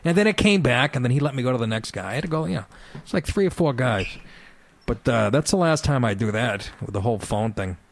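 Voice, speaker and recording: A man's voice: medium pitch, expressive, quick pace, vocal fry. A middle-aged man telling rambling, profane anecdotes on talk radio, often laughing as he talks. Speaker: radio show talker. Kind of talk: casual storytelling on talk radio.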